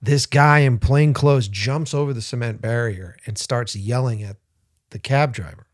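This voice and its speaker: A man's voice: medium pitch, normal speed, dry recording, clean studio sound. A man co-hosting a podcast, telling a rambling, profane story and acting out the voices in it. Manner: profane, rambling, lively retelling with quoted voices. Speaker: podcast co-host. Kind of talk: casual storytelling.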